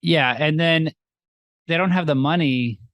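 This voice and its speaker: A man's voice: fairly high pitch, no echo, dull audio. Rambling podcast co-host man, dry close mic. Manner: rambling plot recap, acting out characters in quick mocking voices. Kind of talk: casual film-review chat.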